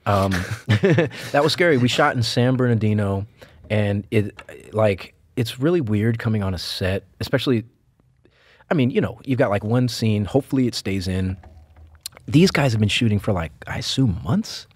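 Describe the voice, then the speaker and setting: Husky-voiced man telling stories. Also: lowish voice, moderate pace, dry recording. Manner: relaxed storytelling with fillers, laughing. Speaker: actor, podcast guest. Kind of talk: casual interview chat.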